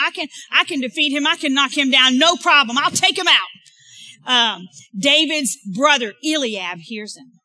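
Woman pastor, sermon delivery, bright and fairly high, swinging loud and soft. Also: dry recording, rough recording.

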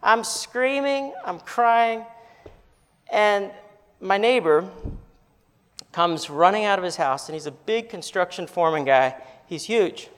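A male pastor preaching a sermon, telling a story in an animated way and building to emphatic peaks. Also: high voice, takes it slowly, long pauses, clear, resonant tone. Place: church sanctuary. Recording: reverberant hall.

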